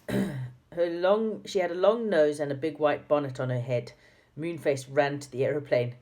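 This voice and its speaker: Woman, low voice, reads a kids' chapter book aloud with friendly asides. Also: moderate pace, mellow. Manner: chatty asides to young listeners. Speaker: storybook reader. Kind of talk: reading a children's book aloud.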